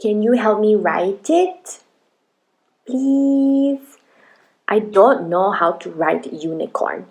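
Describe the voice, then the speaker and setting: A woman voicing a young kindergarten child in an acted demonstration, slowly sounding out letters and asking her mother for help with spelling. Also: medium pitch, expressive, a little mellow. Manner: slow, drawn-out sounding out of letters. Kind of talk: acted parenting demonstration skit.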